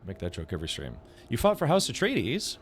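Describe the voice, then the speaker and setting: A man's voice: mid-range voice, huge pitch swings, fairly quick. A young man streaming a video game, chatting casually, reacting to the game and reading chat aloud. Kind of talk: casual let's play commentary.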